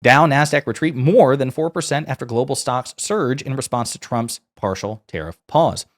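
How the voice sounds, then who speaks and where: A man's voice: medium pitch, normal speed. A man hosting a political commentary channel, speaking in a scornful, emphatic and sarcastic way.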